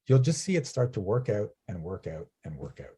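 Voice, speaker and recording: Warm, husky male business coach. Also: fairly low pitch, very animated, a little fast. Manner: storytelling, asks "right?" often. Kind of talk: coaching session.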